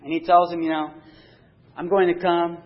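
A man's voice: a little high, level tone, normal speed. A man preaching a sermon, reading scripture aloud and explaining it earnestly, pressing harder on key points. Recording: dull lo-fi recording.

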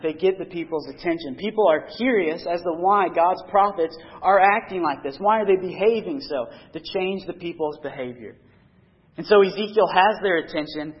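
A man preaching a sermon, reading scripture aloud and explaining it earnestly, pressing harder on key points. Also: fairly high pitch. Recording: dull lo-fi recording.

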